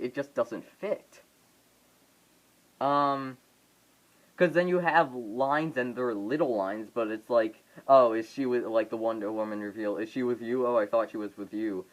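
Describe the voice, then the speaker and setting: Rambling, halting young-sounding man vlogging. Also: mid-range voice, low-quality recording. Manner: rambling, halting, many fillers and restarts. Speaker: vlogger reviewing a film. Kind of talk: casual off-the-cuff review. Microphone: phone camera.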